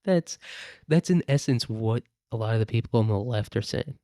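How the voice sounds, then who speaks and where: A man rants alone on his podcast in a loose, rambling, sarcastic way, swearing freely. His voice is mellow and dark. It sounds dry and close, with no room echo. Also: medium pitch, animated, moderate pace. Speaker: podcast host. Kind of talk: casual solo rant.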